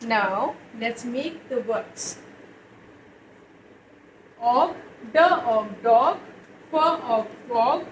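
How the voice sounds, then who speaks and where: Slow-reading high-voiced teacher woman. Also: animated, a little hiss or hum, rough recording. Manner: slow, sing-song reading aloud, addresses children as babies. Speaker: English teacher. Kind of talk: phonics lesson for young children.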